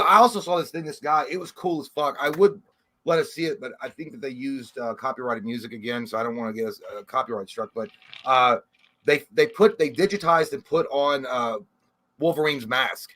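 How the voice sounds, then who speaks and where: A man's voice: medium pitch, a little fast, fairly bright tone. A man co-hosting a casual livestream chat, telling rambling, profane stories. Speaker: co-host.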